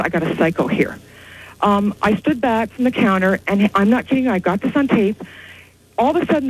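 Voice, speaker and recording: Husky, excitable woman caller. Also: on the high side, dry recording, rough recording. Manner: rambling, excited storytelling. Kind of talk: call-in radio chat.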